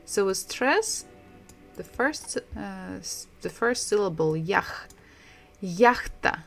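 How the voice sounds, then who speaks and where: A woman teaching a language lesson, repeating sounds slowly and laughing often. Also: medium pitch, expressive, vocal fry, faint music behind. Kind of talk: slow, patient language lesson.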